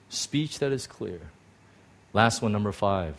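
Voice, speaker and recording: A man preaches a sermon from the pulpit, rambling and animated. His voice jumps between bright, pushed-up bursts and low, hushed stretches. Now and then he throws in a joke at his own expense. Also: a little slow. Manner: animated, rambling, self-deprecating humor. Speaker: pastor.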